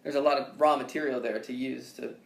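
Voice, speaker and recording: A man's voice: mid-range voice, fairly even intonation, a little fast, creaky. A man teaching singing in a casual one-on-one lesson, with loose, profane, rambling explanations. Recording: echoey room.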